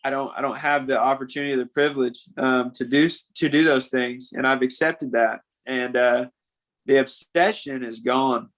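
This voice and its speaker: A young man speaks as a podcast guest, earnest and halting, often repeating his words. His voice stays level with little rise and fall. He sits at a middling pitch for a man. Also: steady tone, a bit bright, poor audio. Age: young adult. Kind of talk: candid conversation.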